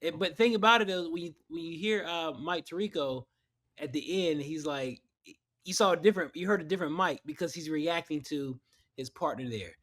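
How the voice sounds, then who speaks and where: A man co-hosting a podcast in casual chat, excitable and conversational. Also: fairly high pitch, a little fast. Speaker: podcast co-host.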